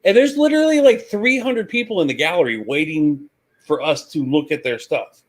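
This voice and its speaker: Animated storytelling man. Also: on the high side, normal speed. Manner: animated, acts out voices in anecdotes. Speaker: guest, reseller. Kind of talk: casual storytelling.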